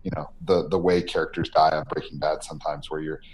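A man's voice: extremely low pitch, level tone, fast talker, a little mellow. A man being interviewed as a game designer, talking earnestly and tagging his points with "right?". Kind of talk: podcast interview. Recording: noisy line.

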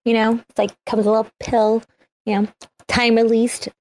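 A woman's voice: a little high, little pitch movement, moderate pace, darkish tone. A woman comedian telling bawdy jokes in a casual online audio chat. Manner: bawdy, brash, joking. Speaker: comedian guest.

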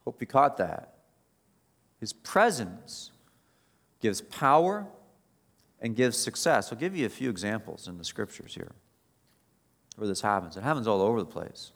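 A man giving a sermon as pastor, moving between quiet reflection and raised, emphatic preaching. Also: on the low side, expressive, measured pace, vocal fry, pauses often.

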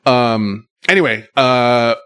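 A man's voice: medium pitch, takes it slowly, a bit bright, smooth. A man hosting a podcast, telling a story in a loose, rambling way with plenty of fillers and the odd curse word. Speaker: podcast host. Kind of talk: casual chat.

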